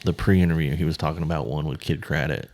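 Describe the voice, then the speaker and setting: A man hosting a podcast, chatting in a relaxed and agreeable way. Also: extremely low pitch, fast talker, creaky. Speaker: podcast host. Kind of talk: casual chat.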